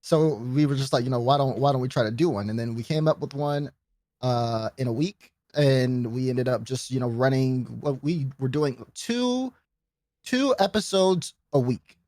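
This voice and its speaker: A man's voice: medium pitch, a little slow, dry recording. A young man, a guest on a podcast, telling stories in casual chat and quoting other people as he goes. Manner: storytelling, animated, fond of quoting others.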